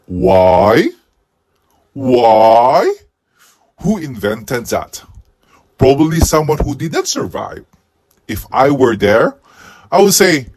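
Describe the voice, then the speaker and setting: A man giving a comic movie review in a husky head costume, with deadpan jokes and sudden outbursts. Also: medium pitch, takes it slowly. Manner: speaking while wearing a husky head costume.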